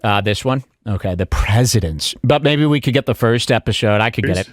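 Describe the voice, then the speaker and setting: A male podcast host giving casual, mocking commentary in a sarcastic, animated way, somewhat out of breath. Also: fairly low pitch, fairly quick, dry recording, studio quality. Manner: sarcastic, animated, breaks into mock voices.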